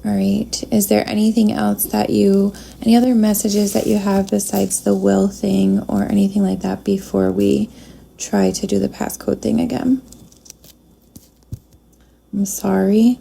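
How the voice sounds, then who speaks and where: A woman working as a psychic medium, talking softly in a spirit communication session and pausing to address an unseen presence. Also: mid-range voice, little pitch movement, gravelly, a little hiss or hum.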